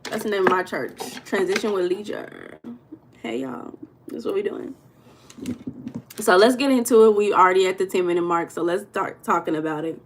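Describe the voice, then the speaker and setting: A woman's voice: mid-range voice, moderate pace, slight background noise. A young woman hosting a casual livestream, talking loosely and greeting viewers in the chat by name. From United States. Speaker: livestream host.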